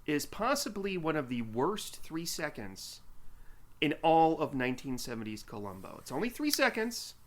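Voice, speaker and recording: A man's voice: on the high side, sing-song, normal speed. A man co-hosting a film podcast, chatting casually and mocking scenes as he retells them. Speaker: podcast co-host. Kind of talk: casual chat.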